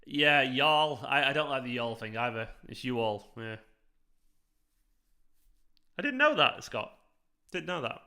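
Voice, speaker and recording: A man's voice: medium pitch, very animated, a little slow, creaky, long pauses, bright, forceful tone. A man hosting a live football watchalong, chatting casually and reacting to the match while answering viewers. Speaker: fan channel host.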